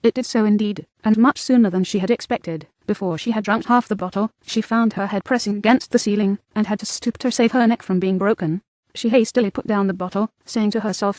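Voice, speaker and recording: Brief: female audiobook narrator, measured and clear, dry booth. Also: mid-range voice, steady tone, a little mellow, no echo. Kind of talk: scripted narration.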